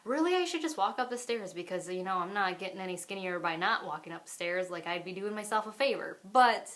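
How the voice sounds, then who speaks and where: A woman's voice: mid-range voice, animated, a little fast, fairly bright tone. A young adult woman, a vlogger and mother, talking candidly to camera at home in a rambling way, with lots of "like" and "I don't know.".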